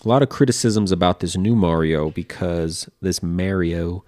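A man's voice: deep voice, moderate pace, warm tone. A man co-hosting a podcast in casual chat, swearing freely and rambling with many fillers. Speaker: podcast co-host.

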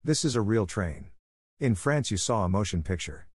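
A man voicing a reproachful business partner who lectures in a low, plain voice. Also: expressive, normal speed, breathy edge, no room sound, studio quality. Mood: urgent.

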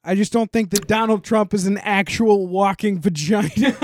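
A man hosting a podcast in casual banter, ranting loudly and profanely with frequent laughter. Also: sits high, measured pace, a little hiss or hum. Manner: loud, laughing, profane rants. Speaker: podcast host.

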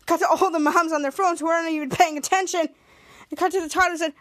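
A woman podcast host walks through a TV episode scene by scene, rambling and restarting as she goes. Her voice is high, and the recording is dry and close with no room echo. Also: fairly even intonation, fast, fairly bright tone. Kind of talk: episode recap narration.

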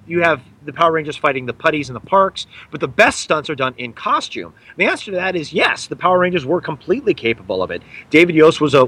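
A man who is an actor, guest on an interview podcast, telling stories in an animated, theatrical way and putting on voices. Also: mid-range voice, breathy edge. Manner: excitable, theatrical, mimics voices. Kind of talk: animated storytelling in conversation.

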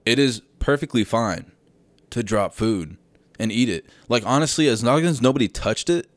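A man's voice: mid-range voice, lively intonation, normal speed, slight background noise. A young man hosting a solo podcast from his room at home. He rambles, gets sidetracked, says "dude" a lot and swears freely. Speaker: podcast host. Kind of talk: casual solo podcast chat. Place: home room with recording setup.

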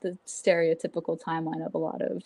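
A woman's voice: sits low, flat delivery, fast talker, vocal fry, warm tone, no echo. A woman in her twenties, a graduate student guest in a podcast interview, upbeat and laughing often, with many likes. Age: 20s. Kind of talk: casual interview chat.

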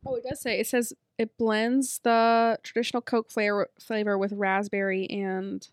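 A woman's voice: mid-range voice, flat delivery, normal speed, clean tone, no echo, clean studio sound. A young woman co-hosting a podcast, chatting in an easygoing, agreeable way. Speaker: podcast co-host. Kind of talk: casual chat.

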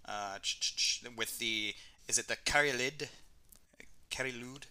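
Laughing man with a bright crisp voice. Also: medium pitch, measured pace. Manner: laughs often, hesitant with fillers over names. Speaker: podcast co-host. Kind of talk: casual podcast chat.

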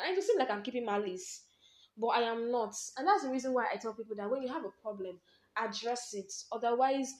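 A woman's voice: on the high side, reverberant. Candid Nigerian woman telling stories. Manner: candid, animated storytelling with Nigerian slang and laughter. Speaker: podcast host. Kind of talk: personal storytelling monologue.

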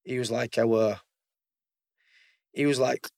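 With a steady tone, slow pace, and vocal fry, a British military veteran tells stories in a casual conversation, his mid-range voice a little mellow. He's blunt, swears freely, and repeats words as he goes, and the studio-quality audio has no echo.

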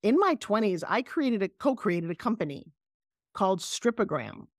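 A middle-aged woman with a New York accent, a guest telling animated stories on a video call. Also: mid-range voice, moderate pace, dry recording, clean studio sound. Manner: animated, emphatic storyteller. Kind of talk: casual interview storytelling.

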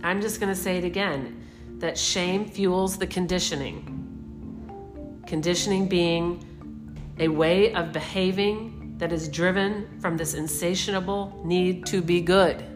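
A middle-aged woman giving a reflective spiritual talk, meandering and unhurried, gently putting questions to the listener. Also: on the low side, steady tone, music in the background. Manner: meandering, unhurried, searching for words. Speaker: spiritual speaker.

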